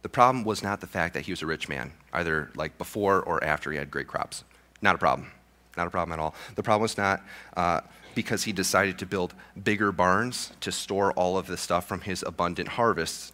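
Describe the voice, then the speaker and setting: Young man, pastor, deep voice, forceful tone, casual sermon with jokes and restarts. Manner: casual, joking asides with many restarts.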